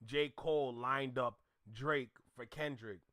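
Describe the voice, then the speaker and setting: A man in casual commentary, animated and mocking, laughing often as he reacts to a clip. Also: mid-range voice, takes it slowly, dry recording, studio quality.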